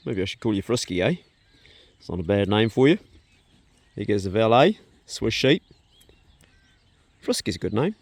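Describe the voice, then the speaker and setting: Male homesteader, relaxed vlog chat outdoors; talks to his animals; farm animals audible. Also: fairly low pitch, moderate pace, pauses often, husky. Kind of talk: casual outdoor vlog commentary. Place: outdoors on a rural farm paddock. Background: sheep and dogs nearby.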